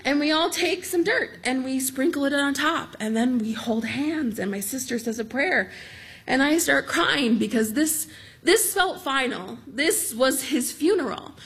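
A woman telling a true story on stage in a lively, amused, conversational way. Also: high-pitched, a little slow.

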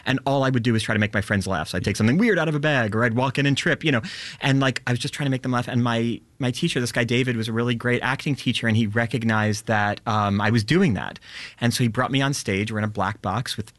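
A young adult man, an actor, chatting in an interview, talking fast and self-deprecating with lots of fillers. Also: mid-range voice, fairly bright tone, no room sound. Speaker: actor and filmmaker guest. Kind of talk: casual interview chat.

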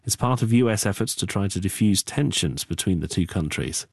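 A man reading a radio news bulletin in a measured, formal way. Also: sits low, lively intonation, no room sound, studio quality. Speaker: newsreader.

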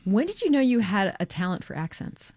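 Lively, curious interviewer. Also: medium pitch, a little fast, no echo. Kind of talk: casual interview talk.

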